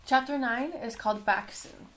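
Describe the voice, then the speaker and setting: A woman's voice: on the high side, moderate pace, a bit bright, slight background noise. A woman reading a novel aloud as the regular reader of her channel, dropping in chatty asides between passages. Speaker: audiobook reader.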